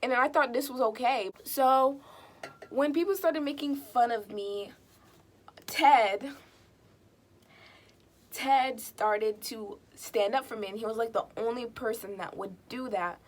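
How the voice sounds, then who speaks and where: A woman vlogger telling a personal story in a casual, slangy, animated way. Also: on the high side, measured pace, long pauses. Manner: animated, slangy, acts out quotes of others.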